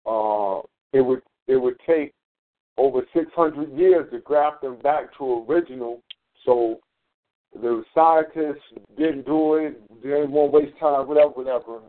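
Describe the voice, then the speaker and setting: A man's voice: medium pitch, normal speed. A man talking casually on a radio show, rambling and profane, often hunting for his words. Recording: tinny phone line.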